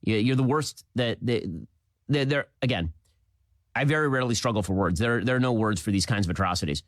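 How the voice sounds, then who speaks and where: A man hosting a political commentary show, delivering a rapid, emphatic, indignant monologue with repeated phrases. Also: mid-range voice, dry recording.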